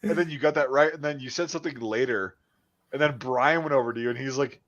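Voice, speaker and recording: A man casually chatting as a podcast host, swearing often and trailing off into quiet mumbles. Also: medium pitch, fast talker, highs cut off, crowd noise. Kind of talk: casual chat.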